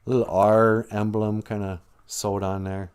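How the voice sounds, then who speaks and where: In a comic spoken retelling, a man voices a smug, self-pitying rich hero who brags and keeps bringing up his own loss, boastful and oblivious as he talks up his sad past. His voice is on the low side, darkish and clean, close to an everyday voice, with a flat, unhurried delivery.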